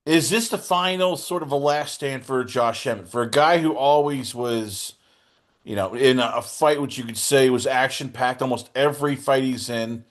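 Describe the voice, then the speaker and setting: A man's voice: medium pitch, moderate pace. A man hosting a podcast in casual chat, teasing his guest and slipping into mock-outraged quotes. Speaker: podcast host.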